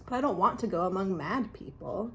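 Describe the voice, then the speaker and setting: A woman's voice: mid-range voice, lively intonation, fairly quick, vocal fry, fairly bright tone, a little hiss or hum. A woman reading aloud a puzzled young girl's lines from a storybook in a plain voice.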